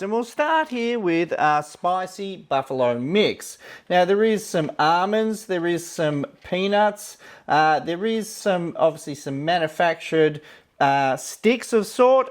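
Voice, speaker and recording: Laid-back man reviewing food. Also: sits high. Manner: relaxed, thinks aloud with fillers and "yeah, look". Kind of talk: casual taste-test commentary.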